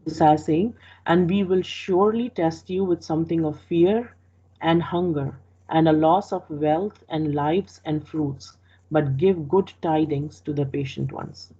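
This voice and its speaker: A woman with a low, mellow, slightly husky voice gives a word-by-word translation lesson. She explains slowly, repeating phrases and correcting herself as she goes. The sound is dull and lo-fi. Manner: slow, explanatory, repeats each phrase with restarts. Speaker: Quran teacher. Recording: dull lo-fi recording.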